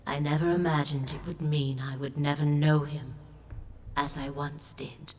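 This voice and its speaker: An actress voicing a grave, ancient sea goddess in a video game, speaking in a solemn, measured, commanding way. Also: female voice, sits low, flat delivery, darkish tone, slight background noise. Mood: sorrowful. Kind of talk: game voice acting.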